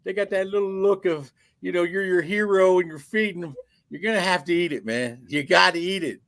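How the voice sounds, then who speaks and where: A man on a talk panel who answers with lively, laughing chatter. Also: sits high, brisk, no room sound. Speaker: panel guest. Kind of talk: comedic chat.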